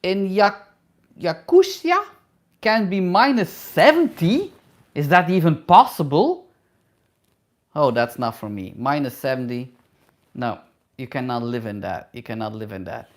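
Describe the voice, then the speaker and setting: Slow-talking man hosting a live Q&A. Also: fairly high pitch, big pitch swings. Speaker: travel vlogger and hairdresser answering viewer questions. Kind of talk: live Q&A, casual chat.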